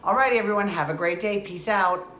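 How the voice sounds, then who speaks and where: A woman's voice: medium pitch, brisk, a bit bright, reverberant, a little hiss or hum. A woman vlogger giving a casual, opinionated recap of a soap opera, full of chatty asides.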